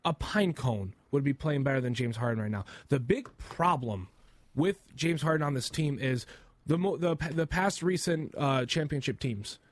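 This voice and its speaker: A man's voice: mid-range voice, lively intonation, moderate pace, no room sound. A man co-hosting a sports podcast, casually rattling off stats and offering hot takes. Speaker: podcast co-host.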